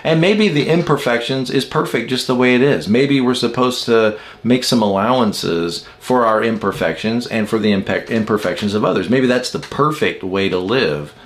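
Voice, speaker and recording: A man's voice: mid-range voice, normal speed, hardly any pauses. Man giving an emphatic, informal talk. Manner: conversational, emphatic, rhetorical questions. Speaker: Enneagram teacher.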